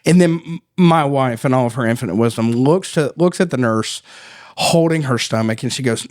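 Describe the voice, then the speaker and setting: A man's voice: mid-range voice, normal speed, a little mellow, dry recording. A man tells a story on his podcast in easy, casual talk, laughing often. His voice sits in a middling range. The recording is dry and close. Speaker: podcast co-host.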